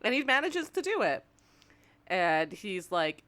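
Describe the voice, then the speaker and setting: A woman guest on a podcast, chatting casually about a cartoon in a relaxed way. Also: medium pitch, unhurried. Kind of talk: casual chat recapping a cartoon.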